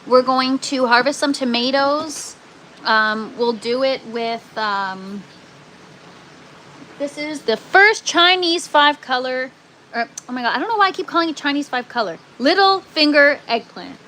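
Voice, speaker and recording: A woman's voice: sits high, expressive, a little slow, pushed and bright, slight background noise, low-quality recording. A woman hosting a casual gardening live stream from an indoor grow tent, chatting with viewers and using lots of ums and "you guys.".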